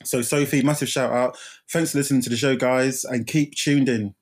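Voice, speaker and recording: A man co-hosts a casual movie podcast in an easygoing way, repeating himself and laughing often. He sounds a little tired after a gym session. His voice sits at an ordinary middle pitch. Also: steady tone, brisk. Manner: laid-back, laughs often, repeats phrases. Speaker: podcast co-host. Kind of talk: casual film podcast chat.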